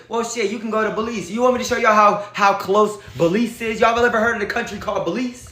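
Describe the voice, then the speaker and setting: A man's voice: sits high, steady tone, fast, hardly any pauses, sharp tone, reverberant. A man vlogging to his viewers in a casual, emphatic, preachy way, often calling out to them as y'all. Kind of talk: casual direct-to-camera talk.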